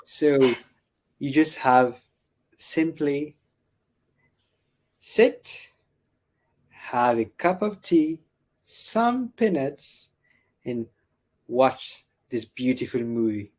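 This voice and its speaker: A man who is a guest on a podcast, explaining calmly and deliberately in short phrases. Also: mid-range voice. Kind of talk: calm explanation.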